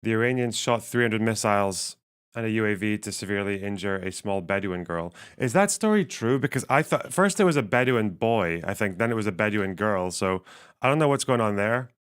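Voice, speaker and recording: A man live-streaming casual commentary while reading chat, his voice strained and missing its lower range, swearing and laughing as he thinks aloud. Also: expressive, brisk, fairly bright tone, clean tone.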